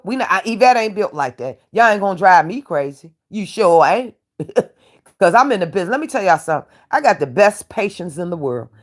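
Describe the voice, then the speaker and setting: A woman from the United States, hosting a casual commentary rant in a brash, taunting way and laughing often. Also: medium pitch. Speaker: YouTube commentary host playing a judge.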